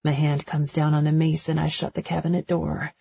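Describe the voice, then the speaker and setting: A woman narrating a first-person romance audiobook in a breathy, intimate storytelling voice. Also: sits low, level tone, brisk, dark tone, lo-fi sound.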